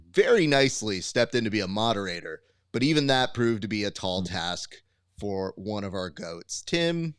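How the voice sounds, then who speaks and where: Dude cohosting a podcast, jokey, lively ups and downs. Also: male voice, mid-range voice, dry recording. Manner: joking, quick asides. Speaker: podcast co-host. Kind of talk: casual podcast chat.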